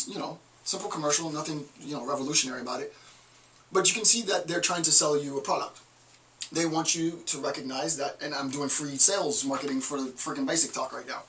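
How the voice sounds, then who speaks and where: A man's voice: a little high, fairly bright tone, distant mic, slight background noise, poor audio. A middle-aged man giving a recorded online lecture, full of digressions and joking asides. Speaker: college lecturer.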